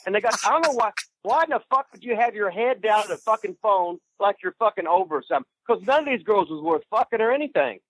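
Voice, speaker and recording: A man's voice: high voice, lively intonation, fast talker, no room sound. A man ranting in a casual chat, swearing constantly and rambling crudely, heard over a muffled phone line. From Indiana. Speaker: guest.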